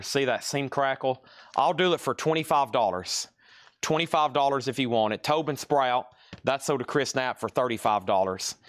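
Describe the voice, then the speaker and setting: Brisk man calling out record prices. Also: mid-range voice, a bit bright, no room sound, studio quality. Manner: brisk, repeats prices and buyers' names. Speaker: live sale host. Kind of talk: live-stream sales patter.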